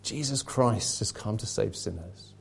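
A man's voice: fairly low pitch, a little slow, vocal fry, slightly rough. A man preaching a sermon, earnest and emphatic, reading questions aloud to his congregation.

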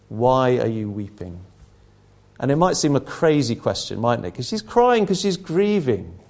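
A man's voice: a little high, a little mellow. A middle-aged man preaching a sermon, emphatic, his intensity rising and falling.

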